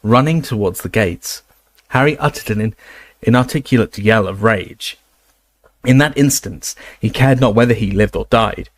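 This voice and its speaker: Man, audiobook narrator, expressive dramatic reading, lowish voice, dry close recording. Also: normal speed, no room sound. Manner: expressive, raising his voice for shouted lines.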